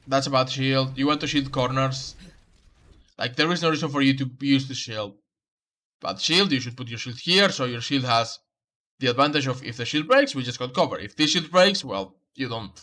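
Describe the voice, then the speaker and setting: A man's voice: medium pitch, normal speed, sharp tone. A man coaching a player through a match replay, explaining tactics and repeating key advice. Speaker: game coach reviewing a match. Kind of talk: coaching commentary over gameplay.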